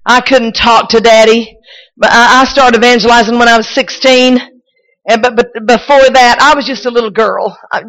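A woman preacher, shouting and crying out in a sermon, then telling folksy stories with many restarts. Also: a little high, rough recording. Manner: folksy storytelling with repeats and restarts. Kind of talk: sermon with personal testimony.

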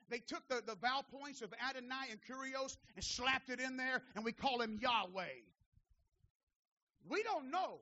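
A man preaching a sermon as pastor, building from steady teaching to fervent shouted calls and then falling back to quiet asides, repeating phrases for emphasis. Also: extremely high pitch, dull audio.

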